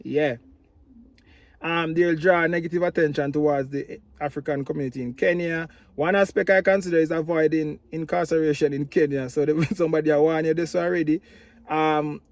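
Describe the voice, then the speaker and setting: Animated Jamaican man, fairly high voice. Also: fairly quick. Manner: animated, opinionated, repeats "you know what I mean". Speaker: tour operator vlogger. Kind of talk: casual vlog commentary.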